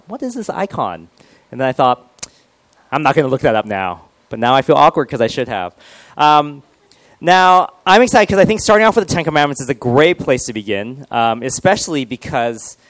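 A man's voice: medium pitch, no echo. A male pastor giving a casual, joking sermon and quizzing his congregation.

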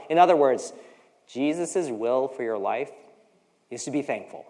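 Unhurried and expressive, with long pauses, a dark mid-range voice delivers a conversational sermon from a U.S. preacher in their forties. Personal asides run throughout, and they act out the voices they quote. The sound has long hall reverb.

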